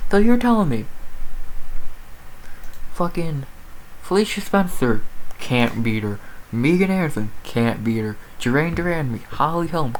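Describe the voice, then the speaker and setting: A woman giving a profane, exasperated rant about a fight result, talking with loud disbelief and constant swearing. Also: low voice, a little hiss or hum, low-quality recording. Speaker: MMA commentator. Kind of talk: sports recap rant.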